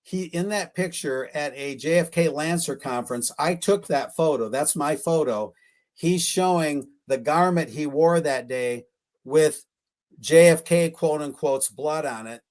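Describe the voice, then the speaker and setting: A man's voice: on the high side, a little slow, a little mellow. A man talking as a guest researcher on a live-streamed radio interview, rambling and hesitant, correcting himself often with fillers.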